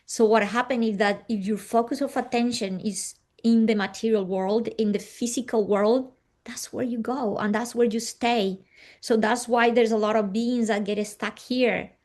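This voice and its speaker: A woman's voice: a little high, fairly even intonation, moderate pace, darkish tone. A woman guest in an interview, earnestly telling a personal story with slightly non-native phrasing and acting out what others said. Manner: earnest, acting out quoted dialogue.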